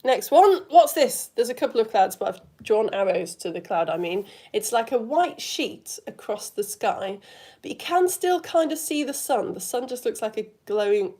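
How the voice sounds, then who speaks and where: A woman's voice: fairly high pitch, dark tone. A woman teaching a live online science lesson in a chatty, enthusiastic way, asking the viewers questions as she goes.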